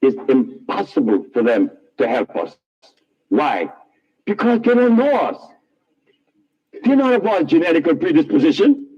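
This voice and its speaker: Husky, animated man telling stories. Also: on the high side, a little slow, long pauses, dull audio. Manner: animated, laughs at his own remarks. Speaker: speaker telling his life story. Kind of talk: rambling storytelling talk.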